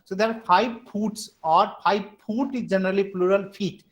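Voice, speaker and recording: A man's voice: sits high, steady tone, normal speed. A man with an Indian English accent teaching an online class over a video call, patiently repeating and counting things out step by step.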